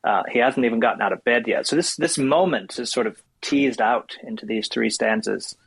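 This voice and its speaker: A man's voice: mid-range voice, normal speed, gravelly, a bit bright, slightly rough, low-quality recording. A man with a nasal voice who talks about poems with hesitant, thoughtful fillers and then reads one aloud. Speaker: poetry discussion co-host. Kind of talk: casual discussion and poetry reading.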